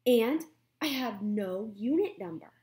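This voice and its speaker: A woman voicing a gentle, patient robot mother who speaks calmly and earnestly in a storybook reading. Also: fairly high pitch, a little slow. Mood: uncertain.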